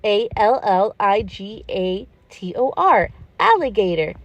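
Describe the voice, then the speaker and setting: A woman voicing a gentle, patient gazelle schoolteacher who leads a preschool letter lesson in a sing-song, encouraging way and praises often. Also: mid-range voice, sing-song, takes it slowly, no echo, pitched below the performer's own voice, heavily acted. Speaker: preschool teacher.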